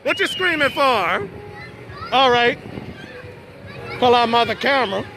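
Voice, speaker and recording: At an outdoor birthday party, a man hosts a casual live stream show in a very high, animated voice, unhurried as he chats, stammering and repeating his words. The phone recording has a noisy background of party music, crowd sounds and children.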